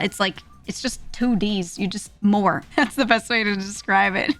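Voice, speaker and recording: A woman streamer giving a casual lesson on Korean letters, chatting as she demonstrates each sound. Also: medium pitch.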